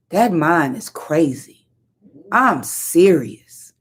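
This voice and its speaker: A woman leading an informal sermon. She speaks emphatically and conversationally, repeating key lines slowly. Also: on the low side, expressive. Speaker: prayer leader.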